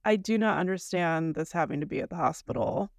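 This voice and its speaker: A woman in her thirties from the United States, co-hosting a casual podcast and retelling a story with lively acted-out asides. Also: fairly low pitch, a little fast, no room sound, clean studio sound. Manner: animated storyteller, acts out quoted lines. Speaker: podcast co-host.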